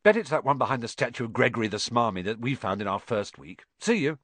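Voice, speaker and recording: A man voicing a cheeky teenage boy who talks low, quick and breezy, in an audiobook reading. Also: animated, fairly bright tone, no room sound.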